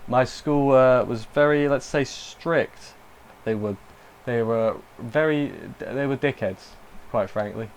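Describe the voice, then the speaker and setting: A man's voice: mid-range voice, takes it slowly, a little hiss or hum. A young man giving a casual spoken review of an anime episode, rambling and breaking off mid-sentence with emotional asides.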